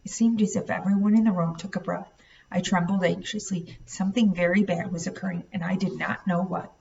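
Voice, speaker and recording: A woman reading a novel aloud in a steady, expressive voice. The sound is dull and muffled, and she is set back from the mic. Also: on the low side, fairly quick, gravelly. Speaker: reader. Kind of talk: audiobook read-aloud narration. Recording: dull, slightly distant recording.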